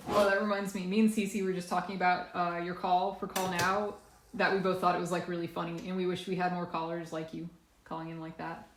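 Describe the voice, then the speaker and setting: A woman's voice: fairly low pitch, level tone, a little fast, reverberant, a little hiss or hum. A woman chatting casually on a live stream from a laundry room, a bit congested and sniffly, nervous and self-deprecating.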